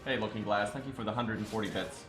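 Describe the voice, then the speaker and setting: A man's voice: fairly low pitch, fast talker, roomy sound. A man streaming a game live, thinking aloud in loose casual chat and swearing now and then. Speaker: streamer playing a mobile game. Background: faint game music.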